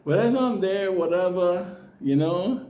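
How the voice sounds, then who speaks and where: A man's voice: high voice, animated, measured pace, dark tone, echoey room, lo-fi sound. A Puerto Rican man telling a long personal story in a casual, profane way, often laughing.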